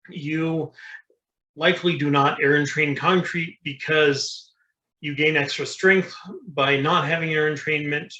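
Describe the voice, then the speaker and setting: Co-host, male, brighter tone, a bit higher than most men, casual practical engineering chat. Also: dull audio. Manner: plain, practical, with fillers. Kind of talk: casual technical discussion.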